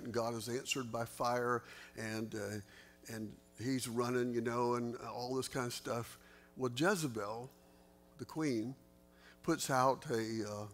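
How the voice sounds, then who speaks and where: Earnest pastor teaching Bible study. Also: male voice, slight background noise. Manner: earnest, conversational, pitch jumps up in emphasis. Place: church.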